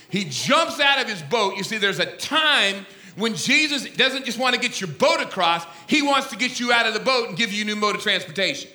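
A man preaching a sermon, telling a story dramatically, swinging from loud to hushed. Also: sits high, lively intonation, brisk, hardly any pauses, roomy sound. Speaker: pastor.

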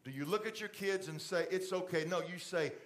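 A middle-aged pastor delivers a sermon from a church stage. His voice sits fairly high for a man. He talks conversationally and slips into a soft, fatherly tone when he speaks to the congregation directly. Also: fairly quick. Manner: conversational preaching, drops to a soft fatherly voice for asides.

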